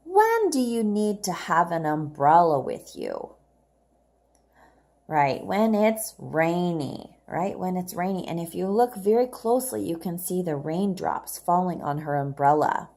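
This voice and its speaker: Brief: woman teacher, unhurried, clear children's reading lesson, patient questioning. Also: fairly low pitch, big pitch swings, a little mellow. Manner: slow, patient, asks questions and praises answers. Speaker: English teacher.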